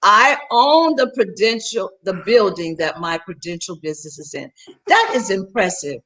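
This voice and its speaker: A woman co-host and church elder tells a story on a video call, lively and dramatic. She acts out each quote with big jumps in her voice and keeps a conversational, church-inflected warmth in her delivery. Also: mid-range voice, normal speed, a little hiss or hum. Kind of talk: animated storytelling.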